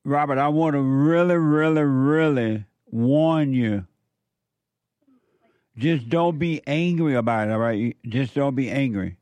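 A man hosting a call-in radio show, giving slow, repetitive advice to callers. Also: mid-range voice, darkish tone, smooth, no room sound, highs cut off.

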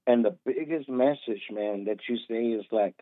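A man's voice: mid-range voice, moderate pace, no room sound. A man in his thirties calling in, tipsy from drinking, rambling with lots of restarts and repeats. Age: 30s. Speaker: caller. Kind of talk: casual call-in talk. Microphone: phone. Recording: tinny phone line, dry.

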